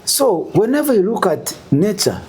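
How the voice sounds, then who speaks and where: Animated Ugandan man telling a story. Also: high-pitched, moderate pace, husky. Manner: animated, rhetorical questions, repeats words. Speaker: guest. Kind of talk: storytelling interview.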